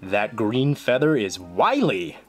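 Lively gameplay narrator, jokey and excitable, game music audible in the background. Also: mid-range voice, takes it slowly. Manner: playful, jokey, excitable outbursts. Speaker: gameplay video journal host. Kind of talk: casual gameplay commentary. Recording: game music clearly behind the voice.

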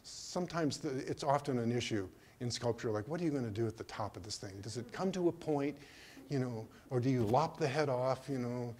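An older man giving a slide lecture on his own work, speaking in a hesitant way with many pauses and restarts. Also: mid-range voice, a little mellow. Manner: hesitant, full of ums and restarts. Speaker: artist giving a museum talk.

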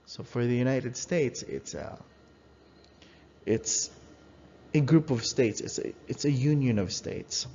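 A man's voice: medium pitch, dark tone. Man teaching French in an echoey hall. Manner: explanatory, self-correcting, hesitant. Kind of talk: recorded language lesson. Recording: dull lo-fi sound, long hall reverb.

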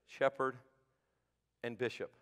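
A man preaching a sermon as pastor, swinging from shouted peaks to hushed low asides. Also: little pitch movement, slow pace, clear, resonant tone. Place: church sanctuary. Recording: sanctuary with long reverb.

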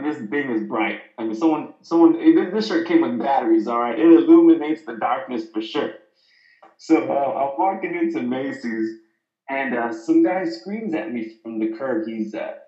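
A man giving an inspirational Christian talk, telling stories with lively, animated voiced quotes. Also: medium pitch. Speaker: speaker. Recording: roomy muffled sound.

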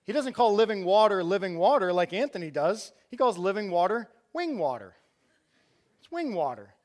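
With a high, expressive voice of darkish tone, a middle-aged man preaches briskly in church. He is the outreach director, and his conversational sermon leans on rhetorical questions, with sentences he keeps restarting.

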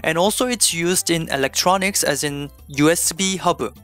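A man teaching an online language lesson, explaining clearly and slipping in small jokes. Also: on the high side, normal speed, a bit bright, faint music behind. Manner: playful, slips in small jokes.

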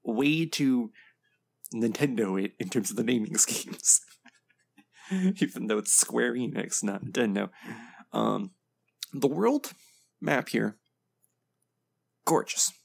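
A man's voice: mid-range voice, expressive, takes it slowly, vocal fry, long pauses. A man hosting a casual reaction video, giving blunt, opinionated commentary full of ums and short laughs. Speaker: video game reaction host.

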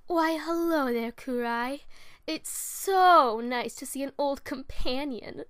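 A woman voicing a sly, slow-talking villain. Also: sits high, fairly bright tone, no echo, clean studio sound. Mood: sly greeting. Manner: slow, drawn-out delivery. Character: sly scheming villain, evil chuckle. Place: bedroom.

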